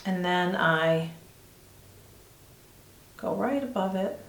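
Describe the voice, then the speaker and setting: A woman's voice: on the low side, slow. Chatty middle-aged woman in a roomy room. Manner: rambling, confiding, reassuring. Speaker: beauty vlogger. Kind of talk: chatty get-ready-with-me vlog. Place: indoors at home doing her makeup on camera. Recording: roomy echo.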